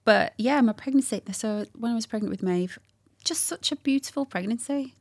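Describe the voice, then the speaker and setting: Gravelly-voiced woman telling her story. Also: a little high, normal speed. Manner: animated, acts out quotes, laughs often. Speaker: guest. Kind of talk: candid personal storytelling.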